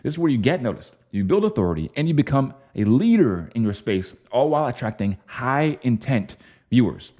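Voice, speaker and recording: A young man who works as a business coach, pitching his system in a fast, confident, sales-like way with frequent ums and uhs. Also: sing-song, warm tone. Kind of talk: scripted-style pitch to camera.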